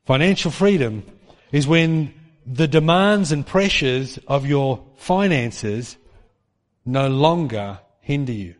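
A man preaching a sermon in an animated way, acting out the voices of people in his stories. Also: medium pitch, slow pace. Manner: animated, acts out quoted voices. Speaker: pastor. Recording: long hall reverb.

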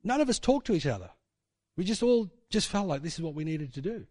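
A man's voice: high-pitched, big pitch swings, fairly quick, a little mellow, dry recording, clean studio sound. A middle-aged man preaching, telling a personal testimony in a rambling, conversational way with frequent tag questions. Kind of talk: sermon testimony storytelling.

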